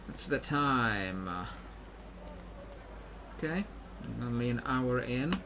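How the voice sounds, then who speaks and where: A man's voice: medium pitch, lively intonation, extremely slow, long pauses, background noise. A man streaming a game, chatting casually and thinking aloud as he clicks through quests. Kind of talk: casual let's-play commentary.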